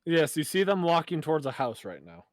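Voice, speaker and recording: A man's voice: fairly high pitch, big pitch swings, brisk. A man narrating as game master of a tabletop game, laughing often as he describes scenes.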